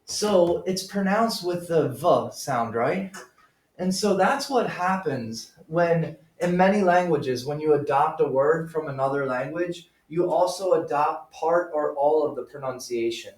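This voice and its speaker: A man's voice: on the high side, unhurried. A man teaching a German class, patiently explaining pronunciation and calling on students by name. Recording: roomy classroom from far off.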